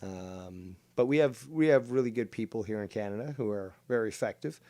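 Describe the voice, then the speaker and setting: A man's voice: fairly low pitch, a little fast, a little mellow, no echo. Brash sarcastic male stream host. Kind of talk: casual live-stream talk show.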